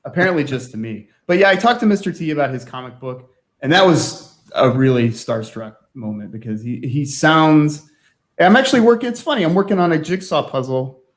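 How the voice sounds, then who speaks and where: A man in a casual chat, telling one anecdote after another with easy laughter. He leans on "like" as he talks. His voice sits a bit higher than most men's. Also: lively intonation, a little fast. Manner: chatty storyteller, laughs often, fills with "like". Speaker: guest, former magazine staff writer.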